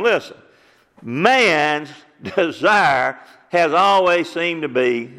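Fervent high-voiced male preacher. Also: expressive, drawn-out words, sharp tone, big-room sound. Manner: fervent, repeated rhetorical questions. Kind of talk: sermon. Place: church sanctuary.

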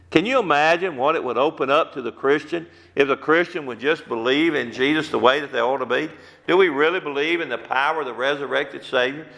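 A man preaching a sermon as pastor, repeating phrases, asking rhetorical questions and slowing down to stress key words. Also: on the high side, gravelly, bright, forceful tone, long reverb tail. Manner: repetitive preaching, rhetorical questions, slows for emphasis.

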